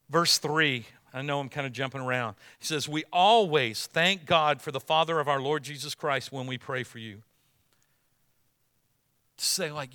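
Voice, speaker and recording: Middle-aged man, pastor, sermon, folksy stories, emphatic repetition, bright tone, slightly high voice. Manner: folksy storytelling, swelling to emphatic preaching.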